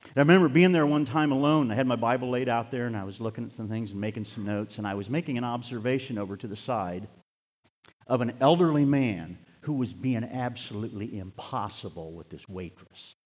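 A man's voice: mid-range voice, fairly quick. Older male preacher; heartfelt sermon delivery with big swings in intensity, echoing church hall. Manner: impassioned preaching, rising to near-shouts then dropping to quiet storytelling. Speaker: pastor. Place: church sanctuary. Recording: long hall reverb.

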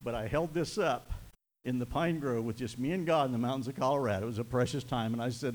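A middle-aged man preaching a sermon as pastor, emotional and building to near-shouts on repeated lines. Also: mid-range voice, fast, low-quality recording. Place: church.

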